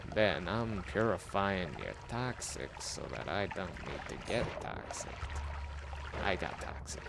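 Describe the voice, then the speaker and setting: A man's voice: sits low, lively intonation, measured pace, vocal fry, heavy background noise. A man streaming a game, giving casual commentary and muttering to himself in a chatty, self-mocking way.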